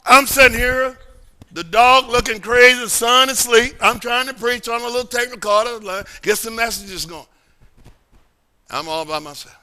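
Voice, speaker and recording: High, intense, forceful preaching man. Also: normal speed. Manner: emphatic, repetitive preaching with sudden shouts and quiet asides. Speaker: pastor. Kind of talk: sermon. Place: church sanctuary during a service.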